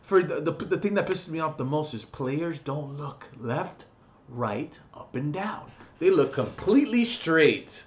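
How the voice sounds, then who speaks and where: A man's voice: on the high side, measured pace. Brash, foul-mouthed young man ranting. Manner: crude, brash, mocking, swears constantly. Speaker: gaming vlogger. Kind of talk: ranting comedic vlog. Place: his bedroom.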